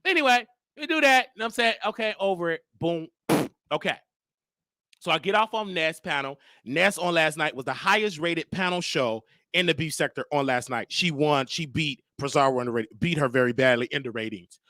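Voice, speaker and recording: A man's voice: on the high side, normal speed, no room sound, studio quality. A man hosting a show, telling a story in casual commentary and animatedly acting out the exchanges he describes. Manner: animated, acts out quoted exchanges. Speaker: host.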